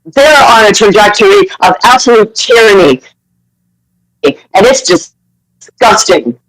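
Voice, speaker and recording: A woman's voice: medium pitch, lively intonation, measured pace, rough recording. A woman from Canada calling in to a live audio chat room, ranting heatedly with swearing and apologizing in between. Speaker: caller.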